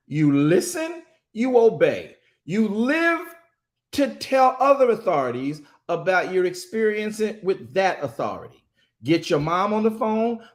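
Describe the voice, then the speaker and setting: A man who hosts and preaches on a talk show, emphatic and drawing out words to stress them. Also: high voice. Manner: emphatic, drawn-out words for stress, quotes voices. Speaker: host and minister.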